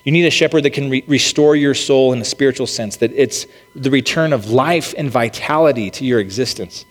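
A man's voice: medium pitch, a little fast. A man giving a sermon in a casual, conversational way, with frequent restarts and check-ins with the listeners. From United States. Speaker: pastor. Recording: long reverb of a large hall.

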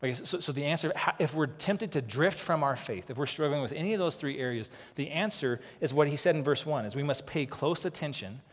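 A man's voice: a little high, a little fast, few pauses, breathy edge, in a large hall. A man preaching a sermon as pastor, earnest and conversational, often repeating words as he starts sentences.

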